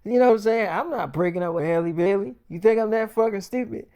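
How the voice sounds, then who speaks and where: A man's voice: high-pitched, quick pace, smooth, muffled recording. A young man casually narrating an improvised story in slangy, profane, boastful speech.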